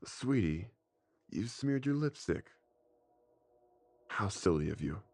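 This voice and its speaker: A man's voice: fairly low pitch, very animated, slow, creaky, a little mellow, slightly rough, no echo, voice pushed up, full character voice. A man voicing a cheerful, eerily sweet adult man who dotes tenderly on his wife, in a scripted horror story reading. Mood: doting.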